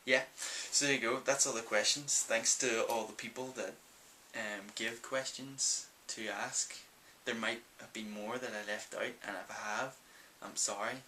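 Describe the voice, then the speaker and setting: A man's voice: medium pitch, fairly even intonation, unhurried, few pauses, pushed and bright, a little hiss or hum, poor audio. A young man with a Northern Irish accent, answering viewer questions in a casual, rambling vlog full of ums. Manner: chatty and rambling, many ums. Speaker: vlogger.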